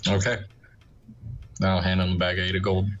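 A man's voice: low voice, completely flat delivery, normal speed. A man playing in a tabletop game, giving short, laid-back answers. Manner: laid-back, brief replies. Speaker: player. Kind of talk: casual tabletop play. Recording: dull lo-fi mic on a call.

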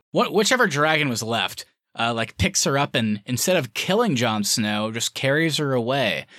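Casting: man, podcast co-host, bright forward tone, dry close mic, rambling fan chatter. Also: mid-range voice, dry recording. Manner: chatty, rambling, with many fillers and laughs. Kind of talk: casual fan discussion.

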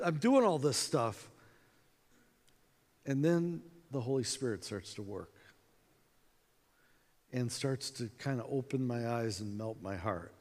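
Guy telling a story at a conference, lively, acts out the dialogue, slightly high voice, echoey hall. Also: measured pace. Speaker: conference speaker. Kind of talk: storytelling talk to a live audience.

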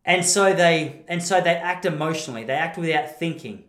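A man's voice: fairly high pitch, normal speed, a bit bright. An Australian man giving a blunt, rambling, opinionated monologue and often correcting himself. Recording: roomy echo.

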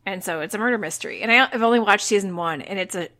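A woman co-hosting a podcast, chatting casually and tossing in quick asides. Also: medium pitch, sharp tone. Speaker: podcast co-host. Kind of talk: casual chat.

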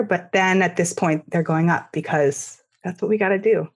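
A woman's voice: fairly low pitch, moderate pace, few pauses. A woman guest on a podcast, a startup founder talking frankly and with animation in casual conversation.

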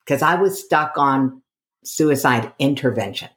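A woman's voice: rumbling low, expressive, measured pace. A middle-aged woman from the United States, a coach being interviewed, who tells her story with energy and acts out the dialogue she quotes. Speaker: guest, coach.

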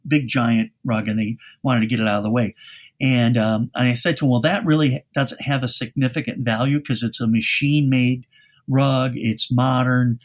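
A man speaking as a guest expert on a cleaning podcast, telling anecdotes in a folksy way with frequent restarts. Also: mid-range voice. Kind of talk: podcast interview storytelling.

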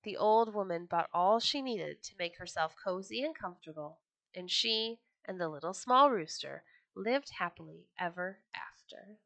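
A woman reads a storybook aloud with a bright, ringing voice and lively expression. The sound is close and dry, with no room around it. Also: mid-range voice, normal speed, gravelly, dry recording. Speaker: storyteller, podcast host.

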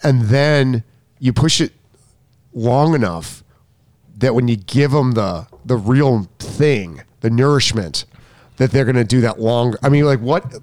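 A coach in a casual discussion, a man who interjects quickly and thinks out loud. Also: mid-range voice, no echo, studio quality.

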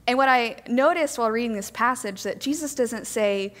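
A woman's voice: fairly high pitch, moderate pace, hardly any pauses. Earnest woman preaching in an echoing hall. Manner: gentle, earnest, reflective. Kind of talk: sermon.

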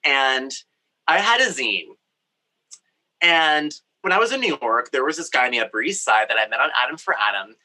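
A man's voice: medium pitch, animated, moderate pace, bright, forceful tone, rough recording. A young man from Brazil, a storyteller with a campy, candid, playful way of talking, recording in a home craft studio. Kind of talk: personal storytelling.

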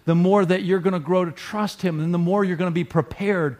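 Conversational preacher, fairly high voice. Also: male voice, steady tone, brisk, a little mellow. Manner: earnest, conversational preaching with asides to the congregation. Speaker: pastor. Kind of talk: sermon.

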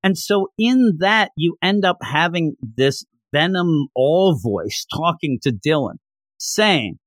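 Young male reviewer, chatty and excitable, higher voice, dry recording. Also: slow, dry recording. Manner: chatty, excitable, laughs often. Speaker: comic book reviewer. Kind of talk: casual recap commentary.

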